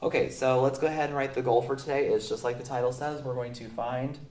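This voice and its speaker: A man who is sick, teaching a recorded math lesson in a relaxed way with many fillers, going through the steps slowly. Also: medium pitch. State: sick, voice sounds off. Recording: roomy echo.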